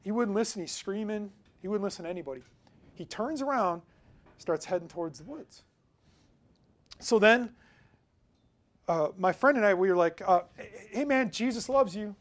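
A man preaching a sermon in a casual, conversational way, telling a personal story and swinging between loud emphasis and quiet asides. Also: high-pitched, lively intonation, normal speed, long pauses. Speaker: pastor.

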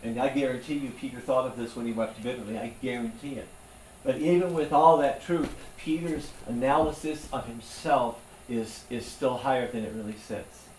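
A man's voice: mid-range voice, normal speed, a little mellow. Preacher man in an echoey room. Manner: earnest, conversational preaching. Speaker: pastor. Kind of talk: sermon. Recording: echoey room, voice from far off, faint hum.

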